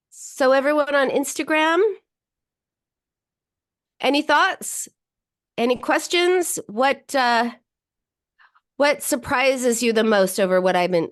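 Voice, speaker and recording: A woman psychologist hosting a radio talk show and chatting with a livestream audience. She talks loosely, with restarts and fillers, and leaps up in pitch when she acts out people's inner thoughts. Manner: animated, jumps higher when voicing inner thoughts.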